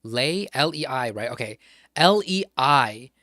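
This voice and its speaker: This male streamer's medium-pitched voice is animated, bright and forceful, though his delivery runs a little slow. In clean, studio-quality audio without room sound, he mutters through crossword clues, spelling letters aloud and cursing occasionally as the casual gameplay frustrates him.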